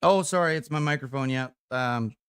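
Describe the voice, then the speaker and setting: A man's voice: medium pitch, moderate pace, fairly bright tone, clean tone, no echo, clean studio sound. Tired, profane young man streaming. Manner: casual and profane, laughing easily. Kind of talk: casual live-stream chat on a phone call.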